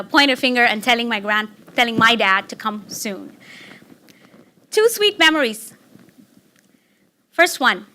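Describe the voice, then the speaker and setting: Bright, high-voiced woman telling family stories. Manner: animated, laughing, acts out excited quotes. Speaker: speaker giving a public talk. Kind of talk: personal storytelling talk.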